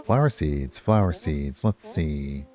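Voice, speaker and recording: A man's voice: deep voice, big pitch swings, moderate pace, darkish tone, soft background music. Brief: a man reading a yawning, bored young shopkeeper in a cosy game. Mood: drowsy. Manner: bored, drowsy. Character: sleepy young male shopkeeper.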